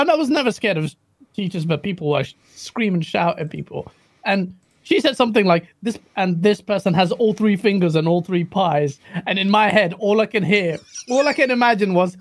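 A man co-hosting a casual chat show, relaxed and chatty, laughing as he tells stories. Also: high-pitched. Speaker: podcast co-host.

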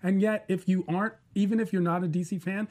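A man's voice: high-pitched, fairly even intonation, fast, a little mellow. A man on a casual panel discussion, giving opinionated arguments point by point. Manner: opinionated, argues in numbered points.

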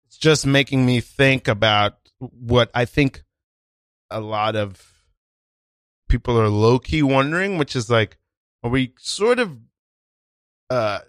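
Male podcast host, relaxed reactive chat, close dry recording. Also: medium pitch, slow, long pauses, dry recording. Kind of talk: casual chat.

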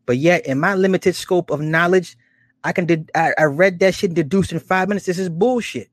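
A man hosting a casual commentary, animated and profane, often laughing at his own stories. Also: high-pitched, fairly quick, no room sound, studio quality.

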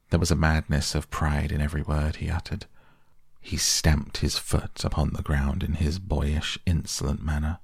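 A man reading a classic novel softly as a bedtime audiobook, slow and measured. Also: rumbling low, flat delivery, creaky, husky, dry recording, clean studio sound. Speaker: podcast reader.

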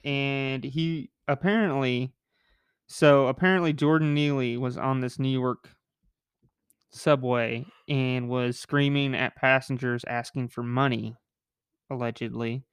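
A man's voice: medium pitch, steady tone, clear, resonant tone, no echo, studio quality. A man hosting a casual podcast, talking in a joking, rambling way with a nasal voice. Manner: joking, rambling, quick asides. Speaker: podcast host.

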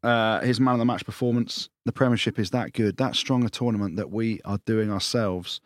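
A man's voice: lowish voice, steady tone, a little fast, dry recording, studio quality. Teasing man hosting a sports podcast. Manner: teasing, chatty, leads the segments. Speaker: podcast host. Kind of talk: casual rugby banter.

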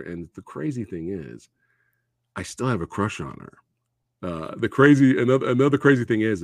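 A man hosting a casual film discussion podcast, getting emotional and halting, laughing between words. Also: low voice, darkish tone, no echo, clean studio sound. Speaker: podcast host.

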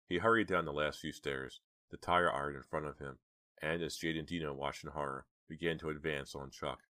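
Very deep-voiced male audiobook narrator. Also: steady tone, brisk, pushed and bright, no echo, clean studio sound. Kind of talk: scripted horror narration.

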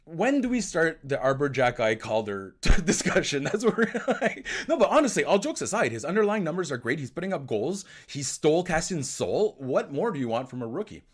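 A man whose first language is French, hosting a hockey podcast in casual chat, excitable with quick asides. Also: on the high side, slightly rough. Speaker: host.

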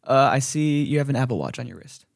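A man's voice: mid-range voice, lively intonation, quick pace, creaky, no echo, studio quality. A man asking questions in a casual podcast chat, hesitant and thinking aloud as he talks.

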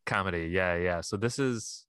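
A man with a very deep, low voice talks loosely on a podcast, trailing off into fillers and breaking into laughs. The sound is close and dry, with no room around it. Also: moderate pace, fairly bright tone, clean tone, no echo. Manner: laughing often, rambling with fillers. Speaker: podcast co-host. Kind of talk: casual chat.

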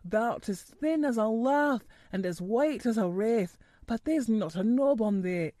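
A woman's voice: fairly high pitch, lively intonation, measured pace, mellow, dry recording, clean studio sound. A woman voicing a crabbed old male gardener who speaks blunt. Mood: gruff, moved. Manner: blunt, dialect-heavy speech. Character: gruff old male Yorkshire gardener, crabbed but moved.

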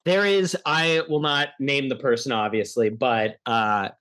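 A man's voice: mid-range voice, fairly even intonation, unhurried, fairly bright tone. A young man from the United States co-hosting a film podcast, chatting casually and rambling with many restarts. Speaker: podcast co-host.

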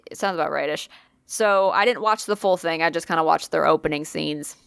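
A woman's voice: deep voice, fairly quick, gravelly, a bit bright, clear, resonant tone, no echo, clean studio sound. A woman co-hosting a podcast, telling a ghost story in casual chat, swearing freely and using lots of fillers.

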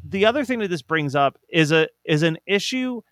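A man's voice: fairly high pitch, expressive, normal speed, fairly bright tone, no echo, studio quality, soft background music. A young man co-hosting a podcast in casual chat, talking loosely with lots of fillers and frequent laughs. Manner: chatty, laughs often, many fillers. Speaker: podcast co-host.

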